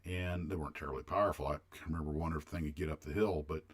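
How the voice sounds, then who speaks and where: A man's voice: very deep voice, steady tone, racing. An older man from the United States hosting a livestream, chatting casually and rambling as he reminisces and answers viewers' questions. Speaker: livestream host.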